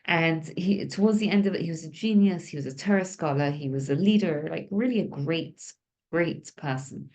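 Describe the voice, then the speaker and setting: A woman's voice: low-pitched, moderate pace, a little mellow. Conversational woman teaching a class. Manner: conversational, asks the group questions. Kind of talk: informal religious lesson.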